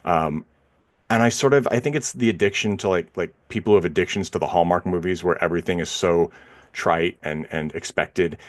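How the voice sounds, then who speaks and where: A man with a very low voice co-hosts a film podcast. He talks loosely, circling back on himself with plenty of ums and restarts. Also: a little fast. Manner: rambling, many fillers and restarts. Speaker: podcast co-host. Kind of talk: casual film review chat.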